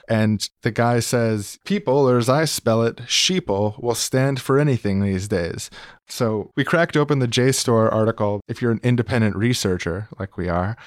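A man's voice: on the low side, no echo, clean studio sound. A man co-hosting a podcast in casual, amused chat, full of "like" fillers. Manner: chatty, amused, many "like" fillers. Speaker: podcast co-host.

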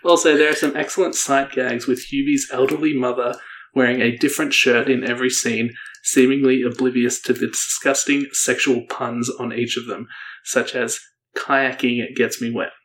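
A man co-hosting a casual podcast, reviewing a movie in a chatty, joking way with quick asides. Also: mid-range voice, flat delivery, a bit bright. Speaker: podcast co-host. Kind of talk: casual chat.

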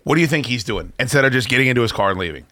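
A male talk-show host ranting profanely in a casual chat, breaking into shouts and laughter. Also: medium pitch, lively intonation, very fast, no room sound. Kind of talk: casual radio-show rant.

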